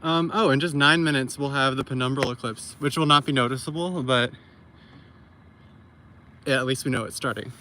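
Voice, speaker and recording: A breathless man talks casually to his viewers from a hill at night and thinks aloud as he sets up equipment. His voice is bright and forward at an ordinary pitch. Faint outdoor hiss and passing traffic sit behind him. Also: moderate pace, long pauses. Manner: chatty, thinking aloud while setting up gear. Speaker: livestream host. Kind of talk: casual live-stream chat.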